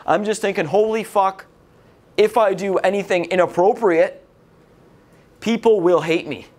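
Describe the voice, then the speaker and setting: A man's voice: sits high, normal speed, a little mellow. A man lecturing a recovery group in a casual, rambling way, swearing freely and often. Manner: swears a lot, vulgar, rambling.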